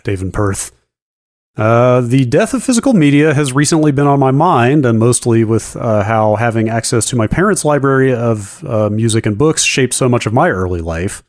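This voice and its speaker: A man co-hosting a podcast, reading a listener email in a steady, matter-of-fact way. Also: mid-range voice, normal speed, no room sound, studio quality. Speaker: podcast co-host. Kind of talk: casual chat and email reading.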